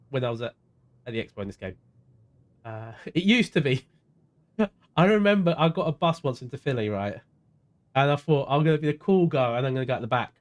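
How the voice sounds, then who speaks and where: A man with a South London accent, chatting casually to viewers by name during a live racing game stream. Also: on the high side. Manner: chatty, greets viewers by name, drifts into mumbled asides. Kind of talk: casual livestream chat while gaming.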